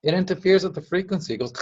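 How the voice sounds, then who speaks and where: A man's voice: high voice, a little mellow, breathy edge. A man teaching casually, chatty, laughing often and acting out quotes. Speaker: teacher of a device-building group. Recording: dull lo-fi sound.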